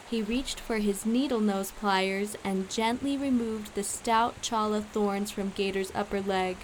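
A woman narrating a children's animal storybook in a clear, storytelling manner. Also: medium pitch, steady tone, measured pace, few pauses, a little hiss or hum. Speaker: audiobook narrator.

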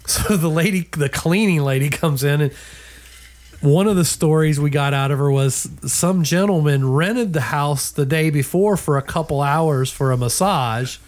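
Older man telling a lively story. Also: on the high side, normal speed. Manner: animated storyteller acting out quoted dialogue. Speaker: guest telling a travel story. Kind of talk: casual storytelling chat.

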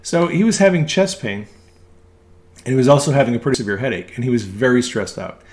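A man's voice: medium pitch, brisk, a little mellow. A man, an ambulance medic, giving a casual religious teaching talk, hesitating with frequent ums and restarts. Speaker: ambulance medic speaking on faith.

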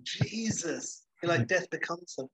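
A man with a fairly high voice, chatting. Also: animated. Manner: chatty, quick interjections. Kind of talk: casual chat. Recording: lo-fi recording with faint noise.

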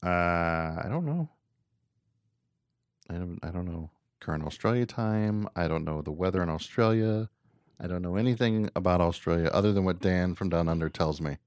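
A man with a somewhat low voice hosts a casual talk show, reading news items aloud and joking with his co-host. The sound is close and dry, with no room around it. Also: normal speed, no room sound. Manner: relaxed, joking, reads articles aloud with filler "uh". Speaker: podcast co-host.

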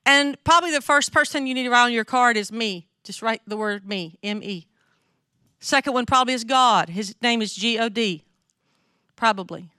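A women's ministry speaker, middle-aged and from the American South, talks to a gathering of women in a candid, chatty sermon and keeps asking the audience questions. Her Southern-accented voice is a little high, pushed and bright, at a moderate pace. The sound is dry and clean, studio-made.

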